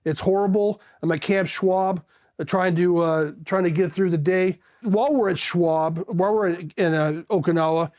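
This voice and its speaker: A man in his fifties from California with a notably high voice for a man, recounting his years as a Marine. He rambles and circles back, blunt and casual, and drops a curse word without a second thought. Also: moderate pace, a little mellow. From California, USA. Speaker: Marine veteran. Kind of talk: candid storytelling.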